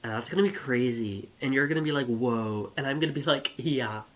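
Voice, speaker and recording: A man's voice: mid-range voice, very fast, a bit bright. A man telling a rambling, comedic story in a scatterbrained way, with giggles and many restarts.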